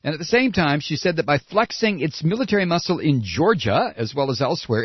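A male talk radio host rants in an indignant, mocking tone. His voice sits high and swings widely in pitch. The sound is dull and dry, with no room around it. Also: slightly rough, dry recording. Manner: indignant, sarcastic, mocking impressions. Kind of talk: ranting political commentary.

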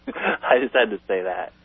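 Animated male caller on a phone line. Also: mid-range voice, breathy edge, dry recording. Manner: animated, opinionated, quick asides and restarts. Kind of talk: call-in radio talk. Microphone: telephone. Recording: tinny phone line on radio.

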